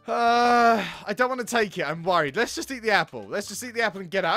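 A young man narrating his own gameplay in a rambling, hesitant way, thinking out loud. His voice is high and bright with lively swings in pitch, recorded close and dry. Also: quick pace, few pauses, no room sound, faint music behind. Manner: rambling, hesitant, self-talking. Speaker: gaming YouTuber. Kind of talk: let's play commentary.

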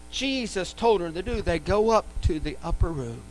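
A man's voice: high voice, animated, moderate pace, no echo, low-quality recording. A man preaching a live church sermon, emphatic and repetitive, speaking in a church sanctuary. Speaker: pastor.

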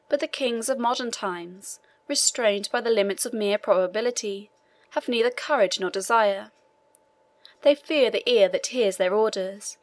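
A woman reads a classic novel aloud as audiobook narration. Her voice sits at a middle pitch and her reading stays steady and even. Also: no echo.

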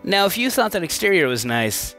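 Over loud music, an eager man with a high voice and big pitch swings leads a casual tour of a manufactured home at a show. He talks fairly fast, chatty and upbeat, sometimes tripping into restarts.

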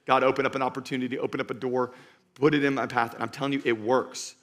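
A man preaching a sermon to a live congregation as pastor, driving points home by repeating them and moving between loud urging and slow, quiet emphasis. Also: medium pitch, flat delivery. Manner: emphatic, repeats key lines for stress. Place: church stage before a live congregation.

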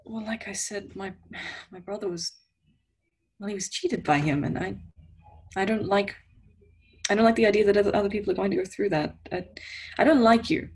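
A woman playing an earnest young female street kid who talks in a halting way. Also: mid-range voice, darkish tone, husky.

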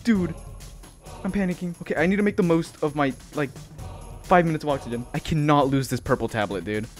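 A man's voice: on the high side, fast talker, faint music behind. A man giving jittery let's-play commentary, swearing often and calling everyone dude and bro. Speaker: gaming channel host.

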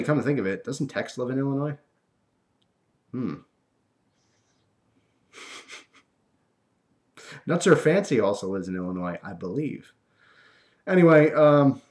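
A young man casually telling a personal story to his viewers, animated and full of fillers and restarts. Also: mid-range voice.

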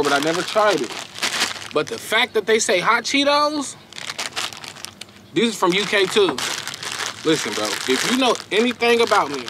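A man's voice: sits high, sharp tone, a little hiss or hum. A young man doing a casual snack unboxing review, slangy and emphatic, often repeating himself.

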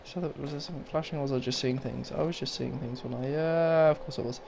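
A man's voice: medium pitch, steady tone, fast, vocal fry, a little mellow, slight background noise. A young man doing let's play commentary, swearing often and muttering sarcastically to himself. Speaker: gaming YouTuber.

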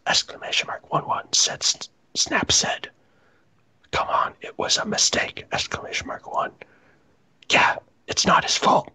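A man doing a comedic, mock-dramatic reading of fan fiction, reading the punctuation aloud in a breathy half-whisper. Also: sharp tone. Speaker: reader.

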